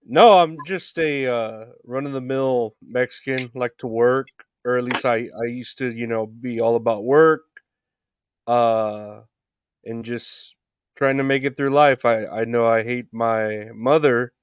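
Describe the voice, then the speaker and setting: A man hosting a podcast, talking in a halting, soft-spoken way that trails off. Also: medium pitch, fairly even intonation, clear, resonant tone, dry recording, studio quality. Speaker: podcast host. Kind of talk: casual conversation.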